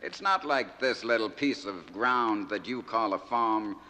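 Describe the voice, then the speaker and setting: A man's voice: fairly low pitch, bright, forceful tone, slight background noise. Man doing a boastful farmer, drawls, echoey live LP. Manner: bragging, drawn-out. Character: boastful male farmer from the prairies. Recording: reverberant 1971 live LP.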